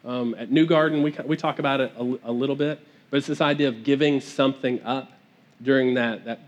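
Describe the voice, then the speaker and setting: A man's voice: medium pitch, fairly even intonation, fairly quick, highs cut off. A man preaching a sermon in a conversational, earnest way, often restarting his phrases.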